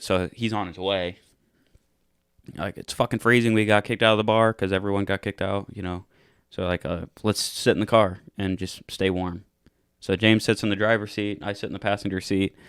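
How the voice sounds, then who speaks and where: A young podcast host with a somewhat low, smooth voice spins a rowdy bar story, swearing freely and acting out what everyone said. The sound is dry and close, with no room in it. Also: male voice, no echo. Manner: profane, animated retelling with acted-out quotes. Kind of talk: casual storytelling.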